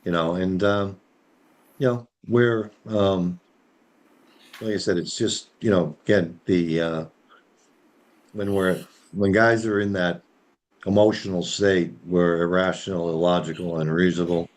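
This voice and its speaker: A deep-voiced man takes part in a casual group chat. He rambles, leans heavily on fillers and drifts into telling a story. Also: fairly even intonation, measured pace, long pauses. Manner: rambling, full of fillers, tells stories.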